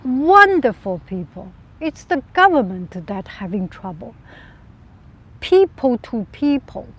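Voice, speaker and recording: Slow, mellow-voiced woman hosting a live chat. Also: on the high side, a little hiss or hum. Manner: earnest, reflective, repeats and rephrases words. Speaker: livestream host. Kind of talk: live chat answering viewer questions.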